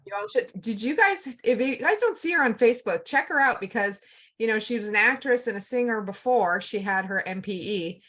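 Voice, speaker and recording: A woman's voice: on the high side, lively intonation, fairly quick, fairly bright tone. A woman chatting casually over a video call, gushing with enthusiasm about people and events.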